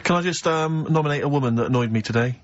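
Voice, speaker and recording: Fast dry English radio co-host. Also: male voice, on the high side, lo-fi sound, slight background noise. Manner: dry, sardonic. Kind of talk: casual radio banter.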